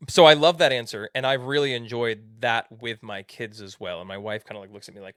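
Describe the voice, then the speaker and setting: A man's voice: mid-range voice, animated, fairly quick, few pauses, fairly bright tone, no room sound, studio quality. A man in his late thirties hosting a podcast, interviewing a guest in a playful, enthusiastic way. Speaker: podcast host.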